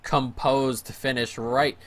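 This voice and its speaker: Guy narrating his football game for viewers, casual talk, gets loud and excited on goals. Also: mid-range voice, slow. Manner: chatty play-by-play, bursts of excitement at goals. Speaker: gaming video creator. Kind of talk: casual let's-play commentary.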